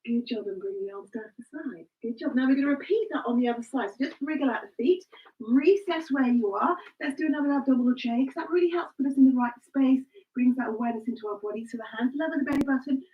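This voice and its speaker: A woman's voice: high-pitched, fast. A woman coaching a live exercise session, encouraging and cueing breaths and counts. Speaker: fitness instructor. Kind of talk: live exercise class instruction. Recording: distant, dull lo-fi live stream.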